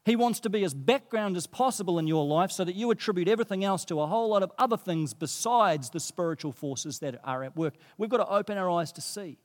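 A man's voice: high voice, expressive, quick pace, few pauses. A man preaching a sermon in an earnest, emphatic way, building points through repetition and lists. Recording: long hall reverb.

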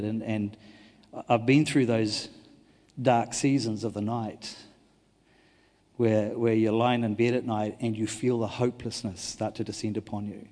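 A man, a pastor preaching a sermon, telling stories and swinging between loud and hushed delivery. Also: medium pitch. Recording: long hall reverb.

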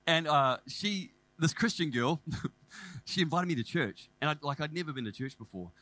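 A man, preaching and telling his own conversion story in a casual, animated, self-deprecating way. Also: fairly high pitch, normal speed. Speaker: preacher sharing testimony. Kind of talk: sermon testimony. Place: church service.

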